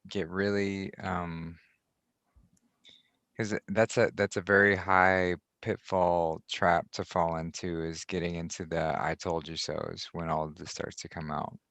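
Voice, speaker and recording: Male podcast host, very low gravelly voice, measured and reflective, dry sound. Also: little pitch movement, no room sound. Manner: soft-spoken, halting, many restarts.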